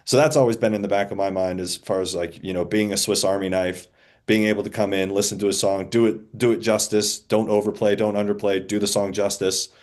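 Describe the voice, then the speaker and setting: A man in his forties, a band's drummer, talking in a relaxed, rambling, self-deprecating way as a podcast guest. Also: fairly low pitch, a little fast. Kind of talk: casual podcast chat.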